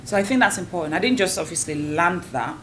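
A middle-aged woman, a guest entrepreneur, chatting casually and telling animated stories full of quoted voices. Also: on the low side, quick pace, slight background noise, poor audio. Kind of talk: casual podcast chat.

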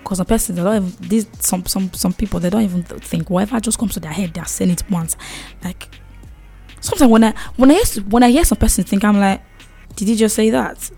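A young woman with a mid-pitched voice talks straight to her viewers about growing up. She is emphatic and repeats key words. She keeps checking in with a quick "okay?", and faint music plays underneath. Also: expressive, gravelly, mellow, slightly rough. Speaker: vlogger. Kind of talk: casual advice monologue.

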